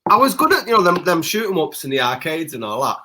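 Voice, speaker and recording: Man, podcast co-host, higher voice, bright tone, jokey banter. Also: big pitch swings, fast talker, a little hiss or hum. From Britain. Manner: jokey banter, laughs often. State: parent. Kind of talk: casual chat.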